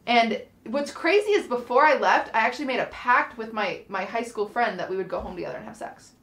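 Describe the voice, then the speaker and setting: A young woman co-hosting a podcast, telling a casual story in an animated way and acting out the quoted lines. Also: a little high, brisk. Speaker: podcast co-host. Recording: roomy, echoey sound.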